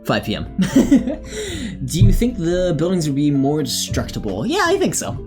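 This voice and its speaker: A man's voice: fairly high pitch, wildly swooping pitch, a little fast, over music. A man chatting casually on a live stream, answering viewers in a rambling, easygoing way with plenty of fillers.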